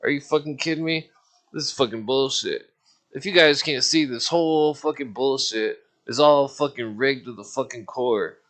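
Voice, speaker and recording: A man's voice: medium pitch, moderate pace, a bit bright. A man in his forties rambling to his livestream viewers, swearing constantly and laughing at his own jokes. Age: 40s. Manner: rambling, profane, laughs often. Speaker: streamer. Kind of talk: casual livestream rant.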